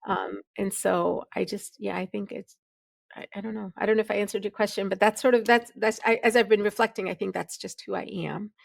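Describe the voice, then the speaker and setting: Middle-aged woman, midwestern accent, podcast guest, heavy vocal fry, dry close sound, reflective, many restarts. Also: mid-range voice, fairly even intonation, fairly quick, dry recording. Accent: American Midwest. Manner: reflective, candid, laughs easily, many restarts. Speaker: podcast guest, physician leader. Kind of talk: conversational interview.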